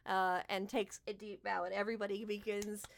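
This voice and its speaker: A woman narrating a tabletop game as game master, vivid and expressive. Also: mid-range voice, a little fast, creaky. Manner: expressive, vivid storytelling with fillers.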